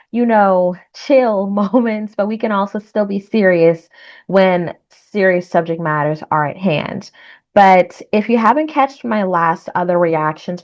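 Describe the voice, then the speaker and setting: A woman hosting a casual reaction vlog, chatty, laughing often and repeating herself. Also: medium pitch. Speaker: host.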